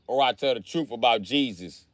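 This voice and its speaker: A man on a livestream rants in a rambling, profane comic monologue. His voice swings widely up and down in pitch as he tells the story. The sound is dry and close. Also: lively intonation, normal speed, no echo. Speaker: livestream host. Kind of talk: comedic livestream rant.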